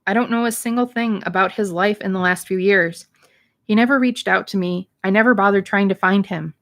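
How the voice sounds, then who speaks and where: A woman's voice: mid-range voice, a little fast, a bit bright. A woman, a teacher, reading a novel aloud in plain narration, lightly voicing the dialogue, with occasional slips and restarts.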